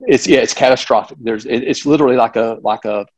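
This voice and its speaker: This is a middle-aged male physician telling a case story to a host. His voice sits at a middling pitch. He is animated and full of restarts and side remarks. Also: fast, poor audio. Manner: animated, with frequent restarts and asides. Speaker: physician guest. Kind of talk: conversational storytelling.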